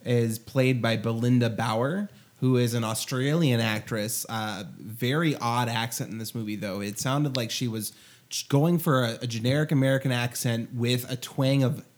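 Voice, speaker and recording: A man's voice: medium pitch, normal speed. Man casually recapping a movie plot. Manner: retells the plot with many fillers. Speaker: podcast co-host. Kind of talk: casual movie review chat.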